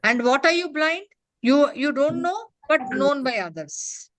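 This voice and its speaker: A woman working as a corporate trainer leads an interactive classroom lecture, firing quick questions at her class and leaning heavily on "you know" and "huh?". Her voice sits high, sounding animated and a little bright.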